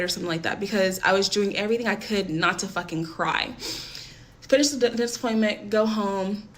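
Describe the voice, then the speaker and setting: A woman's voice: medium pitch, fast, slight background noise. A young woman telling a personal story in a casual, candid way, with frequent swearing and filler words.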